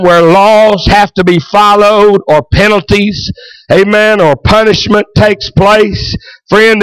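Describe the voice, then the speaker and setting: A male pastor preaching a fervent sermon, full of amens and hallelujahs and bursts of shouting. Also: high voice, clean tone, no room sound, low-quality recording.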